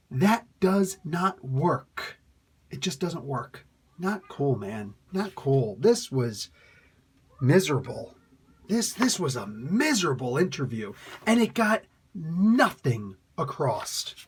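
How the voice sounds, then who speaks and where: Male comics reviewer, loose rambling rants, stammers, slightly high voice. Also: slightly rough. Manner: exasperated ranting with incredulous outbursts; halting, repeats words.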